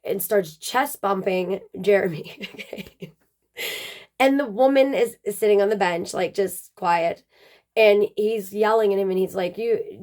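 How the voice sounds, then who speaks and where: A woman casually telling a personal story, rambling with plenty of "um" and "like" fillers. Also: mid-range voice.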